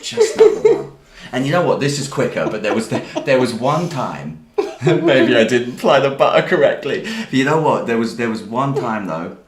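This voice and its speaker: A man's voice: mid-range voice, normal speed. Guy telling a story on a stream, laughing a lot, echoey room. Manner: animated anecdote-teller, laughs through his own story. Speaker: livestream host. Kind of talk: casual chat, storytelling. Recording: roomy echo with faint background hiss.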